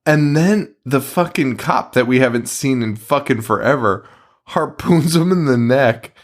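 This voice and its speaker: A man in a casual podcast chat talks at an unhurried, drawn-out pace. His voice sits at an ordinary middle pitch. He recaps a film with a lot of swearing and breaks often into laughter. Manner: laughing, profane movie recap. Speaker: podcast co-host.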